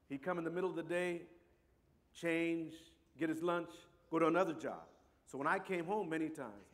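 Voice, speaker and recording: A man from Compton with a Chicano English accent, telling a personal story in a rambling way with many asides. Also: fairly high pitch. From Compton, California. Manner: warm, rambling, many asides like "you know" and "right". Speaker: speaker.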